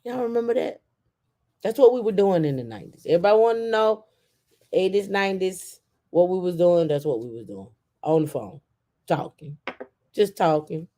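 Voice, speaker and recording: A woman host in casual chat, telling stories in an animated way and acting out quotes. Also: fairly low pitch, moderate pace. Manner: animated storytelling with acted-out quotes.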